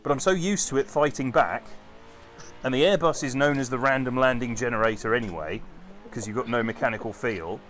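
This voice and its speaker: A man, an airline pilot, chatting casually and telling animated, sweary stories during a stream. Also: mid-range voice, a little fast, soft background music. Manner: animated storyteller, swears freely. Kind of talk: casual chat over a stream.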